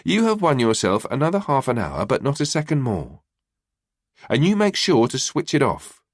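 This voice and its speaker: A man voicing an adult mother in audiobook dialogue, teasing and affectionate, a little higher than his narrating voice. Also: wildly swooping pitch, normal speed, dry recording, clean studio sound. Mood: tender. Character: warm tired mother, adult woman.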